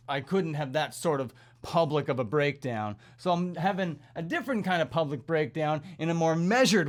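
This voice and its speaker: High-voiced man ranting angrily. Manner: exasperated, sarcastic, swearing. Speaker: vlogger and coffee shop worker. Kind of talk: angry ranting vlog commentary.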